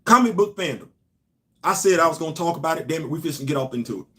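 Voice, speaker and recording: Animated high-voiced man hosting opinion talk. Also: racing. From New York. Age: middle-aged. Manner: animated, emphatic, swings between loud and low asides. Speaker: host.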